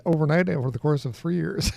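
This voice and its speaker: A man's voice: fairly high pitch, a little fast, gravelly, a little mellow. A man casually chatting and calling out moves while streaming a game, laughing often. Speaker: streamer playing an online game. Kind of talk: casual gameplay chat. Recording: noisy game stream audio.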